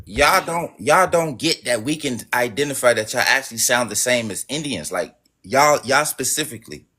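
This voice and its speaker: A man's voice: medium pitch, animated, normal speed, bright, forceful tone, breathy edge. A man hosting a live stream debate, insistent and repetitive, pushing his argument. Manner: insistent, repeating himself, pushy. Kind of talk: casual debate.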